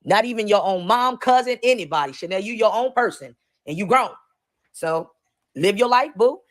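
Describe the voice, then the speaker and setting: A woman's voice: medium pitch, lively intonation, moderate pace. A woman hosting a reaction commentary, talking bluntly and profanely. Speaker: commentary host.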